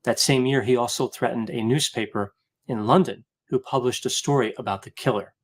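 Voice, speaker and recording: A man giving scripted documentary narration in a steady, even delivery. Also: mid-range voice, fairly quick.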